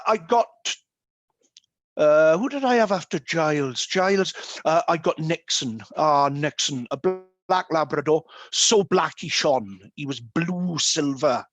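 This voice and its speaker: A man telling humorous stories with many fillers and pauses, speaking as guest at an online meeting over a video call. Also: fairly high pitch, fairly bright tone. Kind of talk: anecdotal talk at an online meeting.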